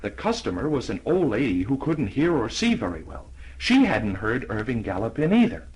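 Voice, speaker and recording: A man narrating a children's storybook in an animated, expressive reading. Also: mid-range voice, moderate pace, slightly rough, low-quality recording. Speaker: audiobook narrator.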